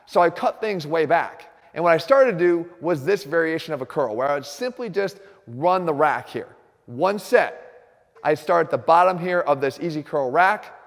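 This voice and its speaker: Brief: direct, energetic male coach, slightly high voice, long echo from the gym. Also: normal speed. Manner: direct, energetic, talks straight to viewers. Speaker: fitness coach host. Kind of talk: instructional fitness video. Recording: reverberant gym room.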